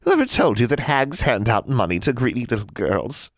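A man's voice: medium pitch, big pitch swings, moderate pace, dry recording, voice pushed up. A man voicing a sly, mocking old female hag in an audiobook.

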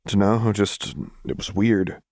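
A man voicing Vi, a rough, halting young woman fighter. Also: lowish voice, flat delivery, darkish tone, no echo, clean studio sound. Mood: hesitant. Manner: blunt, halting, swears often. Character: rough-edged young woman brawler, guarded and emotional.

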